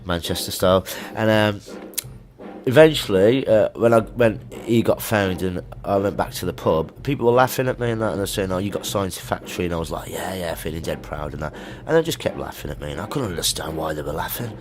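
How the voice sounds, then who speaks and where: A man's voice: sits low, animated, fairly quick. A middle-aged man with a Birmingham accent, a musician guest in a studio, telling rambling stories in a casual interview. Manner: rambling anecdotal storytelling.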